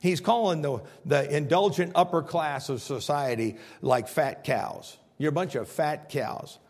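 A man preaching an expository sermon, animated and dramatic, acting out quotes and repeating himself. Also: on the high side, unhurried, big-room sound.

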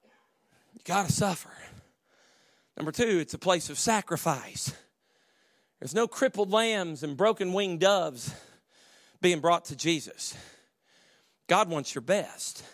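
A middle-aged man preaches in a high, bright voice. He climbs to full shouts and then drops back into quiet, close storytelling. The recording is dry, with little room sound. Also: animated, takes it slowly, long pauses, dry recording. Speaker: pastor. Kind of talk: sermon. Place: church.

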